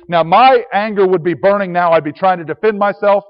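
A man preaching an earnest sermon, his fairly high voice carrying a long reverb around a church hall. He reads scripture aloud in old biblical wording. The recording is slightly dull. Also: fairly quick, hardly any pauses.

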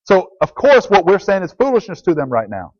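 A man's voice: sits high, wildly swooping pitch, brisk, darkish tone, breathy edge. A man preaching a sermon to a congregation, earnest and plain, repeating key phrases as he teaches. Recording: dull lo-fi recording.

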